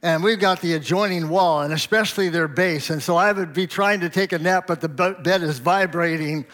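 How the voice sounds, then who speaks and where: A man's voice: on the high side, fairly bright tone. A middle-aged man, a pastor, tells a personal story in a sermon, chatty and anecdotal, acting out quoted dialogue with light chuckles.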